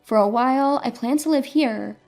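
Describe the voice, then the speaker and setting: High-voiced woman narrating a story. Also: moderate pace, soft background music. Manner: steady, matter-of-fact telling. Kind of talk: scripted first-person story narration.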